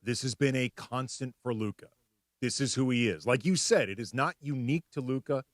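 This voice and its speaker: A man's voice: mid-range voice, fairly quick, dry recording, clean studio sound. A man co-hosting a sports radio show, giving wry, analytical takes in casual talk.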